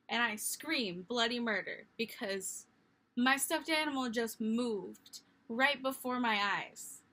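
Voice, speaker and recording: A young woman vlogger telling a story in a casual, animated, self-mocking way. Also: a little high.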